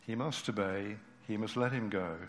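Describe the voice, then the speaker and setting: A man preaching a sermon, reading a story aloud and explaining scripture, expressive and dropping his voice low at tender moments. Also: normal speed, slight background noise. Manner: expressive, dropping to near-whispers at moving moments. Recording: reverberant hall.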